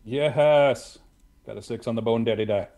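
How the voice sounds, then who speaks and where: A man's voice: mid-range voice, normal speed, mellow, slight background noise. A man playing a tabletop role-playing game, cheerfully calling out his dice rolls and cracking jokes. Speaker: player. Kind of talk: casual tabletop game play.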